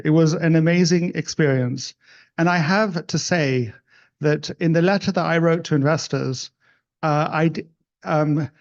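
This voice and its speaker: Man, event host, effusive, full of praise, higher voice, lo-fi conference audio. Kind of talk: casual thank-you remarks on stage. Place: conference room.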